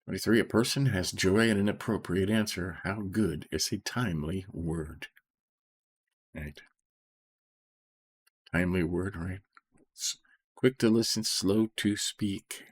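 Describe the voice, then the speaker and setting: A middle-aged man reading scripture and explaining it in an informal, soft-spoken way, often checking in with "okay?" and slowing down on key phrases. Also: low voice, slightly rough. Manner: slows right down to stress key phrases. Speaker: Bible study teacher.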